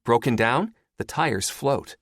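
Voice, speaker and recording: A man's voice: mid-range voice, lively intonation, slow, fairly bright tone, no room sound, studio quality, voice pushed up, heavily acted. A male audiobook narrator voicing a blunt, bossy teenage girl in a raised, snappy voice. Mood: matter-of-fact.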